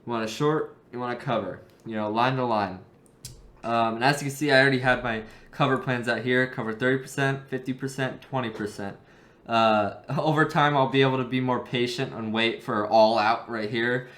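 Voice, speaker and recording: A young man giving a loose, filler-heavy trading recap in a casual vlog, his voice going hoarse. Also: mid-range voice, steady tone, moderate pace, a bit bright. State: losing his voice. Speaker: stock trading YouTuber. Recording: echoey room.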